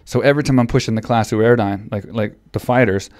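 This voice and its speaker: Talking fast in a lowish, darkish voice, this podcast host and coach is slightly winded during casual chat, starting over again and again as he rambles. The studio podcast mic gives studio-quality sound with no room noise.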